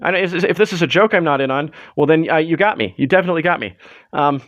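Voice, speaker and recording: Man, livestream host, chatty, rambling, lots of ums, higher voice, dry close mic. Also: animated, fast, fairly bright tone, no room sound, highs cut off. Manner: rambling, filler-heavy, chatty. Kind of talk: casual livestream chat.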